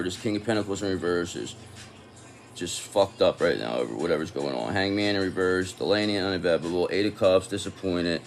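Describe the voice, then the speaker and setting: A man giving a casual tarot reading, talking in an angry, profane and confrontational way. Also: deep voice. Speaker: tarot reader.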